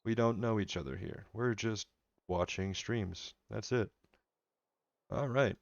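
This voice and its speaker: A man's voice: on the low side, fairly even intonation, unhurried, vocal fry, no echo, highs cut off. A man streaming a strategy game live, chatting casually and rambling with his viewers as he plays. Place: home room.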